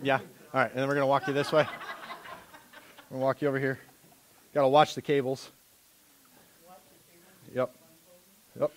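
A man preaching a sermon as pastor, animated and conversational, joking with a volunteer on a church stage. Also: medium pitch, moderate pace, long pauses, a little hiss or hum. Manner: animated, rising to loud impassioned preaching.

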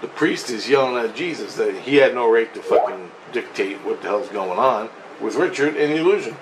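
A man telling a rambling, profane story in a casual vlog, getting excitable as he goes. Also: mid-range voice, a little fast, a little hiss or hum, rough recording. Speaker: vlogger.

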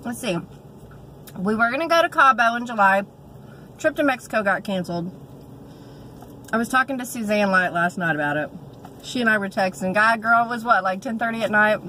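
A woman's voice: mid-range voice, bright, forceful tone, a little hiss or hum, poor audio. A woman, chatting casually on her vlog, with fillers and restarts. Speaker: vlogger.

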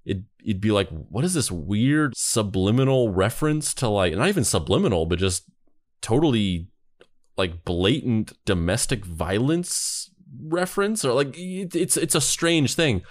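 A man's voice: on the low side, sing-song, a little slow, no room sound, studio quality. A man co-hosting a podcast who talks in a loose, rambling way with many restarts. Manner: rambling, full of fillers and restarts. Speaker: podcast co-host. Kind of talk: casual chat.

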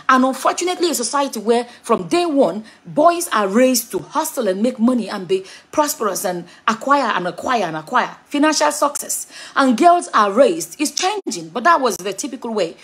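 A middle-aged woman with a Nigerian accent talks frankly to camera in a casual vlog. Her voice sits a little high and is husky. She drifts between asides and her point in a chatty, digressive way. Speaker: vlogger.

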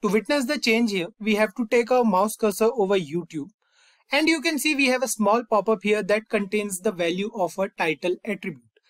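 A young man hosting a coding tutorial, calmly walking through each step and often saying "fine" and "over here". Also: high voice, normal speed, dry recording. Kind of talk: screen-recorded coding lesson.

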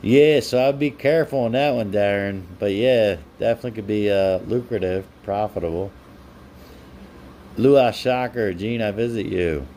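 A man's voice: lowish voice, moderate pace, mellow, a little hiss or hum. A man on a live stream, reading viewers' comments aloud and answering them with playful, teasing banter. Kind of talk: casual live-stream chat.

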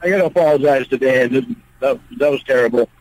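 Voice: medium pitch, brisk, darkish tone. A man on a phone call who apologizes, then scolds firmly.

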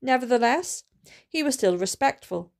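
A woman reading a storybook aloud with a steady, careful delivery and small restarts. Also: sits high, normal speed, vocal fry. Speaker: student reader.

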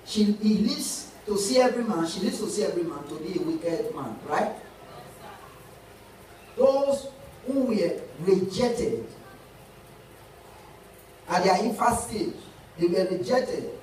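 Nigerian man preaching in an echoey church hall. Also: high voice. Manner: preaching with call-and-response questions to the congregation. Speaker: pastor. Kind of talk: sermon. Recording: echoey church hall, mic at a distance, faint hiss.

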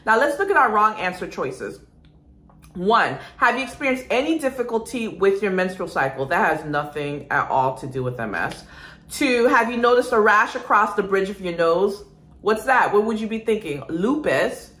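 A woman nursing instructor giving an energetic exam-prep lecture, calling the students "guys" and asking and answering her own questions. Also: medium pitch, normal speed, reverberant.

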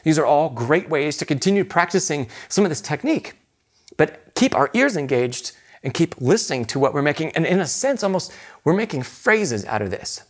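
A man's voice: on the high side, sing-song, moderate pace. A man teaching an intermediate piano lesson, explaining patiently and encouragingly, often checking in with rhetorical questions.

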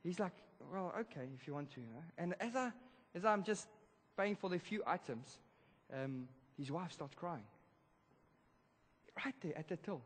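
A man preaching a sermon, telling a story in a lively, casual way with slang. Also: sits high, a little slow, breathy edge. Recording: reverberant church hall.

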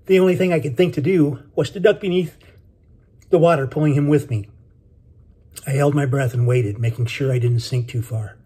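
Male author-narrator, husky and dark, measured audiobook storytelling. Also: on the high side, steady tone. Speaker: author reading his novel. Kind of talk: scripted narration.

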